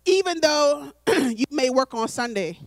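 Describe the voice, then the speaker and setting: A woman preacher delivering a calm, conversational sermon, slowing down for emphasis. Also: high voice, dry recording. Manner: conversational, deliberate, slows for emphasis.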